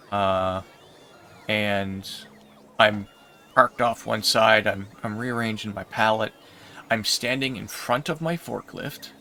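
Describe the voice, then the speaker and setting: Male streamer, low and gravelly, bright edge, rambling casual storyteller. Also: slight background noise. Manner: rambling, filler-heavy, unhurried. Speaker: livestreamer. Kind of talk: casual storytelling while gaming.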